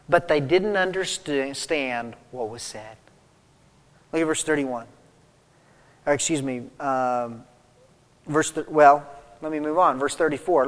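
A man delivers a sermon in a church sanctuary. His voice sits high for a man, and his emphatic peaks ring out into a long hall reverb. He reads scripture aloud and then works through it with rising intensity. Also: fairly bright tone. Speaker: pastor.

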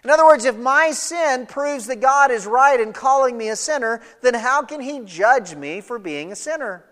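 A man's voice: very high-pitched, expressive, normal speed, fairly bright tone. A man preaching an expository sermon, emphatic, reading scripture aloud and explaining it. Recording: long reverb of a large hall.

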